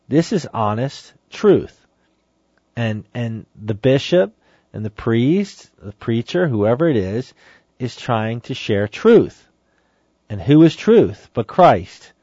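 A man's voice: medium pitch, animated, slow pace, mellow, no room sound. A man giving an emphatic Catholic teaching talk on a saint's sermon, exhorting listeners and reading passages aloud. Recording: dry, dull lo-fi sound.

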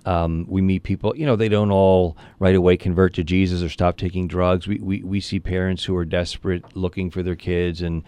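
A man, a priest, speaking in an interview and telling a story earnestly, with frequent restarts and lively animation. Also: low voice, fairly quick, few pauses, clean tone, no room sound.

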